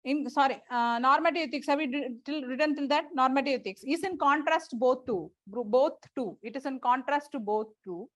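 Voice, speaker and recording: A woman's voice: high voice, fairly quick, hardly any pauses, dry recording. A woman teacher, dictating lecture notes to a class, repeating phrases and spelling out words letter by letter.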